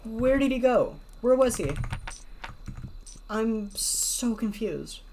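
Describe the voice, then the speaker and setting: A woman's voice: a little high, lively intonation, slow, a little mellow, a little hiss or hum. A woman giving casual gameplay commentary, rambling and leaning on lots of filler words. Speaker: gameplay video creator. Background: game music.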